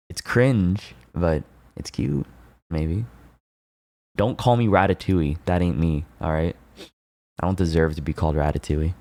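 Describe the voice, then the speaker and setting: A man streaming, chatting casually and playfully with his chat, laughing often and rambling in quick asides. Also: low voice, a little mellow, dry recording.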